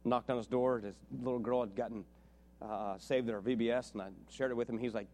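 A middle-aged man from West Virginia preaching a sermon, telling stories and rising to animated, shouted peaks. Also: medium pitch, fast. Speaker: pastor.

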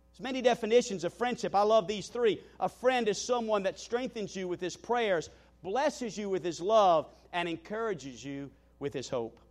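Man, very high voice, guest preacher, sermon, emphatic then hushed, repeats phrases, stammering restarts. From Southern United States. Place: church meeting hall.

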